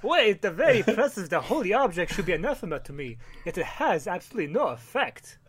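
A pompous old vampire lord declaims in a slow, mock-grave drawl, as a man hams it up. The voice sits high and bright for a villain, a joke impression tossed off among friends. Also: sing-song, slight background noise. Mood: mock-dramatic.

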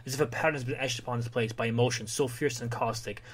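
A man co-hosting a casual comics podcast, quick to summarize the story and push it along with questions. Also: medium pitch, fairly even intonation. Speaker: podcast co-host. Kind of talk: casual comic book discussion.

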